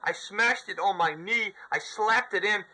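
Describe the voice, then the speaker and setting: Slightly hoarse man rambling about games. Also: high-pitched, measured pace, low-quality recording. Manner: rambling and candid, with mock shouted outbursts. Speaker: gaming vlogger. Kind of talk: casual gaming vlog. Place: room at home, sitting on a couch.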